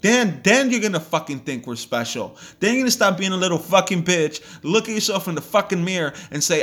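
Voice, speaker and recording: A man's voice: high-pitched, expressive, fairly quick, hardly any pauses, a bit bright. A man hosting a podcast, delivering a blunt, profane and heated motivational rant. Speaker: podcast host. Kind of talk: ranting motivational monologue.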